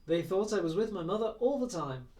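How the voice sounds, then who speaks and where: A man's voice: sits high, animated, brisk, darkish tone, far from the mic, voice pushed up. A man reading aloud and voicing a haughty, petulant teenage boy prince who flares up indignantly. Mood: sullen. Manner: imperious, sulky, flares up indignantly.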